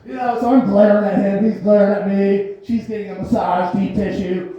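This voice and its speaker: A man's voice: high voice, normal speed, dark tone. A man doing a stand-up comedy set, telling a loose, rambling story and laughing often at his own lines. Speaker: stand-up comic. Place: small comedy theater stage. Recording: very echoey, dull theater recording.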